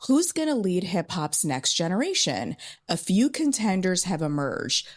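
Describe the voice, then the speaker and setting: A woman with a low voice gives measured, analytical commentary. She sounds stuffed up from a cold. She is recording outdoors by a pool. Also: big pitch swings. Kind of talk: commentary video.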